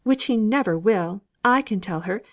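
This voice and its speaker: A woman voicing an impatient, sharp-tongued young lady of a wealthy household in an audiobook reading. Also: animated, natural voice. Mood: scornful. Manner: insistent, shrill and quick to contradict.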